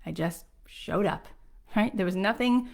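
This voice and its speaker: A woman's voice: mid-range voice, measured pace, vocal fry. Woman host, thirties, upbeat motivational talk, casual chatty delivery. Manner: enthusiastic, conversational, uses filler "like".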